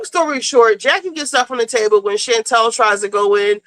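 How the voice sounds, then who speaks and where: High bright gossipy woman streamer. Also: fairly even intonation, no echo, poor audio. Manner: gossipy, blunt and profane, rushing through the story. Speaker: livestream host. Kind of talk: casual reality-TV recap chat.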